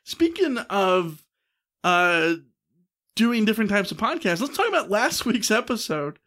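A man in his thirties co-hosting a casual podcast, talking quickly and filling pauses with "uh.". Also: sits high, big pitch swings, fairly bright tone. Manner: quick, chatty, with many "uh" fillers. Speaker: podcast co-host.

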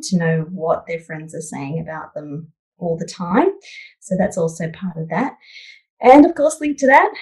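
A woman's voice: lowish voice, darkish tone, low-quality recording. A woman psychologist answering interview questions in a thoughtful, conversational way, with many "you know" fillers. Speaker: psychologist guest.

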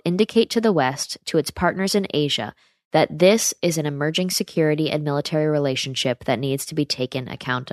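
Low-voiced American woman reading news. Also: dry recording, studio quality. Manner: sarcastic, chatty asides to viewers. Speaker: political commentary host.

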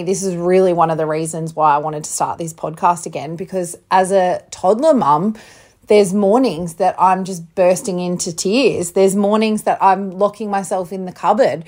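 A woman's voice: fairly low pitch, a little mellow. Chatty woman podcast host. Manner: candid, laughs often, acts out quotes. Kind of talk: casual podcast chat.

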